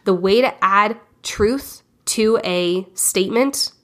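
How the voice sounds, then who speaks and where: A woman's voice: mid-range voice, takes it slowly, a bit bright. A woman hosting a podcast, giving frank and direct self-help coaching and casually swearing. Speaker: podcast host.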